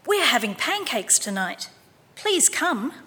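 Woman reading storybook little boy: eager, bouncy, high and bright, in a reverberant hall. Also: very animated, normal speed, heavily acted. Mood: excited.

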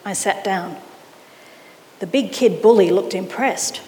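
Woman reading a kids story out loud, lively, echoey hall sound. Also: medium pitch, a little slow. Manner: expressive read-aloud. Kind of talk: reading a children's story aloud.

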